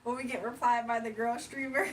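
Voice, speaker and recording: Woman livestream host from Virginia, high voice, relaxed banter with chat, slightly distant mic. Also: slight background noise. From Virginia, USA. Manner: chatty, laughs often, reads chat aloud. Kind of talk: casual livestream chat reading comments.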